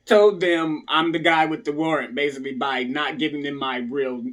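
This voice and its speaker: A man with a slightly high voice speaks straight to his viewers in a loose, casual storytelling way. He keeps checking in with them after almost every line and jumps into other people's voices to act out what they said. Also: moderate pace, fairly bright tone. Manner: talks to viewers, repeatedly tags lines with "right?"; acts out other people's lines in a raised voice. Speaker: storyteller recounting his past.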